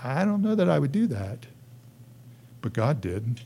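A man preaches a sermon in an earnest, pastoral voice of middling pitch, a bit slow and sing-song, with vocal fry. He moves between rising, emphatic peaks and quiet, hushed asides, his phrasing conversational and full of restarts. There's slight background noise.

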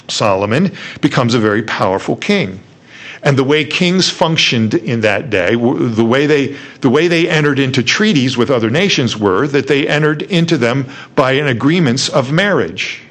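A man's voice: medium pitch, animated, normal speed, a bit bright. A male preacher giving a conversational sermon, retelling a story and asking rhetorical questions.

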